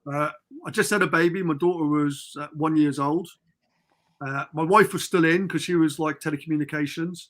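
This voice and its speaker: A man's voice: on the high side, steady tone, moderate pace, a bit bright. A middle-aged man from England, a podcast guest telling rambling stories in casual chat over a remote call. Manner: rambling storyteller, chatty and informal.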